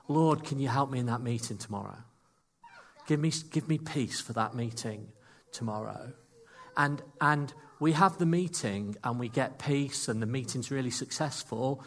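A man preaching a sermon to a congregation, telling stories with lively asides and jokes about himself. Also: fairly high pitch. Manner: animated storytelling, self-deprecating asides.

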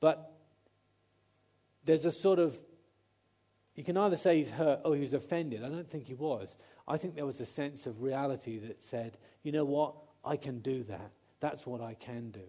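Mellow-voiced man preaching a sermon. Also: mid-range voice, normal speed. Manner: conversational, with restarts and acted-out quotes.

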